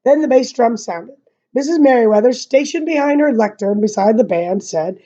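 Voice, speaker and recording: A woman's voice: fairly high pitch, moderate pace. Woman reading a novel aloud, lo-fi. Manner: casual asides between reading, slightly monotone narration. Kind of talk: read-aloud with commentary.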